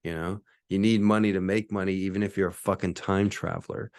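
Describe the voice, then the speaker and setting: A man's voice: deep voice, steady tone, a little fast, darkish tone, clean tone, no echo, clean studio sound. A man hosting a casual solo podcast from his apartment, rambling and swearing, with lots of fillers and restarts. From Hawaii. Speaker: podcast host.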